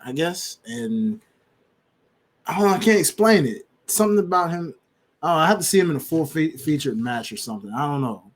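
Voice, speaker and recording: This man co-hosts a wrestling podcast, speaking at a fairly quick clip in a fairly high, expressive voice. He chats casually, leans on slang, and acts out quotes in funny voices.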